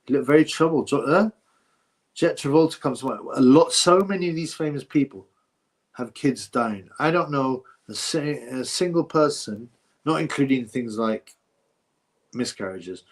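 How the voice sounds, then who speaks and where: A man's voice: mid-range voice, expressive, moderate pace. Male livestream host; blunt, rambling, mocking, casual chat tone. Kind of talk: casual livestream chat answering viewer comments.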